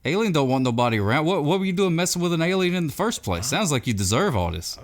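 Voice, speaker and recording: A man, chatting as a podcast guest in a rambling, folksy, deadpan way with deliberately broken grammar. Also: fairly high pitch. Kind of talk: deadpan comedic chat.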